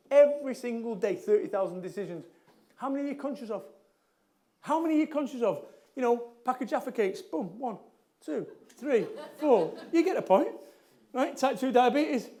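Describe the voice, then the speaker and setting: A man's voice: sits high, a little mellow. A middle-aged man with a Mancunian accent, giving a blunt, jokey motivational talk to a live audience and repeating lines for emphasis. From Salford, England. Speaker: motivational speaker.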